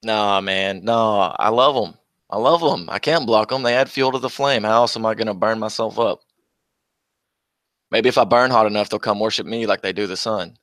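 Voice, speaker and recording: A man's voice: on the low side, normal speed, a bit bright, no room sound. A young man hosting a casual livestream, reading chat aloud and trading mocking, profane jabs with commenters while laughing often. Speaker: livestream host.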